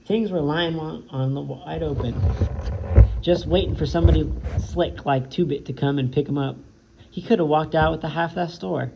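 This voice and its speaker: A man, a teacher, reading a novel aloud in a steady way, often stumbling and correcting himself. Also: a little high, moderate pace, creaky. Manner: steady read-aloud with frequent slips and self-corrections. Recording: dull lo-fi home recording with faint noise.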